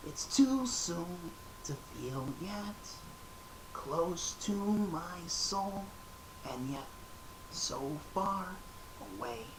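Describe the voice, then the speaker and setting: A man voicing a wistful male puppet creature in a soft, slow, dreamy murmur. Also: sits high, expressive, noisy background, heavily acted.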